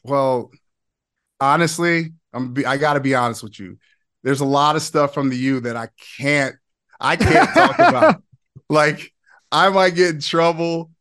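A man in his forties telling a personal story as a podcast guest, excited, with quick bursts and laughing asides. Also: on the high side, clear, resonant tone. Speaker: podcast guest, former player. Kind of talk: animated storytelling.

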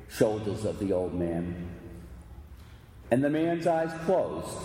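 A male preacher reads a story to his congregation in a slow, unhurried voice. His tone is mellow and dark. He sometimes breaks into song, and the sound carries a long, roomy echo from a large hall. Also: medium pitch, big pitch swings, a little hiss or hum. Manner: slow, dramatic reading with sung phrases. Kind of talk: sermon storytelling. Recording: echoey hall with long reverb.

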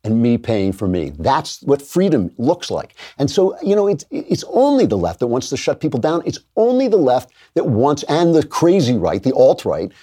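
A man's voice: mid-range voice, normal speed, hardly any pauses, husky. A man hosting a commentary show, delivering an emphatic monologue with mocking asides. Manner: emphatic, animated, with mocking put-on voices.

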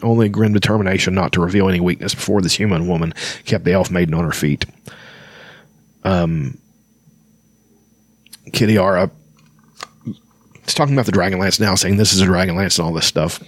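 A male podcast host reads a novel aloud, adding loose, chatty asides and correcting himself often. His voice is low and brisk, with frequent pauses and no echo.

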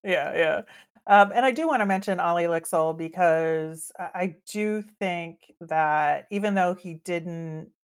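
Chatty woman with a lowish voice. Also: a little slow, clean tone. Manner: chatty, upbeat, many fillers. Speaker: podcast co-host. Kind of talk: casual hockey podcast chat.

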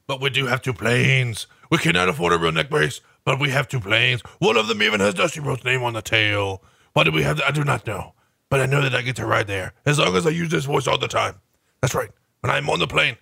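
A deadpan wrestler with a thick mock Russian accent and a gravelly, crackling voice, put on by a man. He talks in stiff broken English, bright and edgy in tone. The sound is dry and close. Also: medium pitch, no echo, full character voice.

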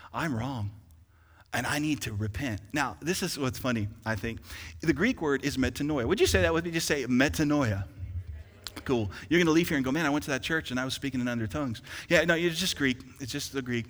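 Pastor guy preaching, bright forceful voice, big echoey church hall, goes quiet then loud. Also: medium pitch. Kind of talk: sermon. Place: church sanctuary. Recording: long hall reverb.

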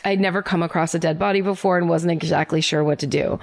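A woman podcast co-host with a fairly low voice reads a listener's story aloud in her thirties. Her delivery is wry and casual, with laughs slipping in along the way. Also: fairly even intonation, fast talker, gravelly. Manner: wry, laughs often while reading.

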